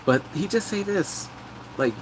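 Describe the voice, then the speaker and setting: Guy live streaming a drama recap, super animated, squeals at the twists, faint noise in the background. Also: sits high, measured pace, poor audio. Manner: animated, with big squealing reactions; chatty, thanks viewers mid-story. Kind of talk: casual live-stream chat.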